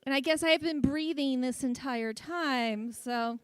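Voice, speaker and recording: A woman's voice: sits high, unhurried, smooth, no echo. A woman in her forties who speaks with a stutter, giving a humorous talk to a luncheon audience. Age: 40s. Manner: speaks with a stutter, frequent sound repetitions. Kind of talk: public speech with humor. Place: event hall with audience.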